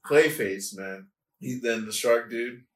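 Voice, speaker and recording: A man talking in a casual podcast chat, animated, laughing often and swearing. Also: medium pitch, slow pace. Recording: echoey room.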